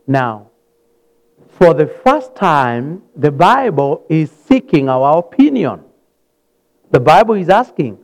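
A man from Africa preaching a sermon in a church, retelling scripture with sudden loud rises and soft drops. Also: on the high side, big pitch swings, takes it slowly, low-quality recording. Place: church hall.

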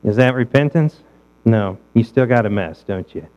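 A man's voice: medium pitch, expressive, moderate pace, a little mellow, lo-fi sound. A male pastor preaching a sermon in a conversational way, asking his listeners rhetorical questions.

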